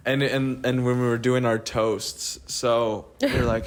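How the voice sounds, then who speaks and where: A man's voice: mid-range voice, level tone, measured pace. A young man in casual chat, earnestly rambling through a heartfelt story.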